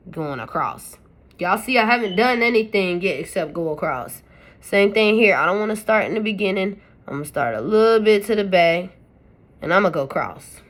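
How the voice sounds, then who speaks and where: A woman's voice: medium pitch, fairly bright tone. A woman hosting a makeup tutorial, talking to her viewers in a chatty, playful way. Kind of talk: casual step-by-step tutorial talk.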